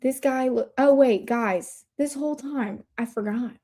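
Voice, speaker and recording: A woman from Indiana hosting a casual livestream, bubbly and excitable, chatting straight to her viewers. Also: high-pitched, unhurried. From Indiana, USA. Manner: bubbly, excitable, talks to chat. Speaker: livestream host.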